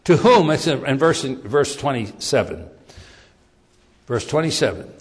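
A man preaching a sermon, reading and explaining scripture, often repeating words and slowing down for emphasis. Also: mid-range voice, animated, long reverb tail.

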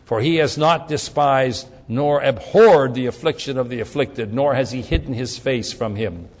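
A man preaching a sermon, reading scripture aloud with slow, emphatic stress and often repeating words as he works through the text. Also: medium pitch. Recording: long hall reverb.

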